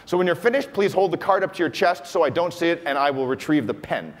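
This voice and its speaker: A man's voice: on the high side, lively intonation, fast talker. A man with a Canadian accent performing a comedy magic act on stage, teasing the audience with playful crowd work. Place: large hotel conference hall. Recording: live hall with long reverb, faint room noise.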